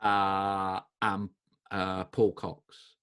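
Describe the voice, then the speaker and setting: A man's voice: low-pitched, completely flat delivery, drawn-out words, a bit bright, smooth. A man hosting a podcast, asking questions in a hesitant way and listing names with plenty of fillers. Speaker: podcast host. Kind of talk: conversational interview questions.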